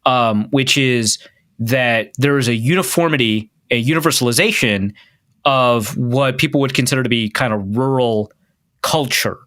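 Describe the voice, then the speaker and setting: A man from North Dakota co-hosting a podcast, telling stories in an animated way and laughing often. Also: mid-range voice, moderate pace. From North Dakota, USA. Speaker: podcast co-host. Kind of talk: casual chat.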